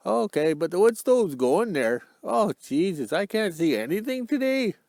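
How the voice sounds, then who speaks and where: A man with a high-pitched voice chats in a folksy, joking way and keeps tacking "eh" onto his sentences. He records a casual vlog on his phone outdoors in the cold, and the sound is close and dry. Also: sing-song, normal speed, a little mellow, dry recording. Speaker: vlogger. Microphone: phone camera.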